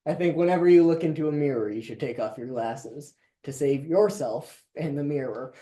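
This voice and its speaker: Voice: medium pitch, normal speed, dark tone. A podcast co-host in casual comedic chat, trading dry, wry quips. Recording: roomy echo.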